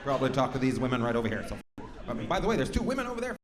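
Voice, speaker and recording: Profane stand-up comic working the crowd. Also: male voice, medium pitch, sing-song, rapid-fire. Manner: teasing, profane, riffing with the audience. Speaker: comedian. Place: comedy club with a crowd. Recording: echoey club, loud crowd noise.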